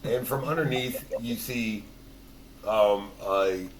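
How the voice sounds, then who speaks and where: A man's voice: fairly low pitch, slow, background noise. A man narrating as game master at a tabletop game, loose and hesitant with frequent restarts.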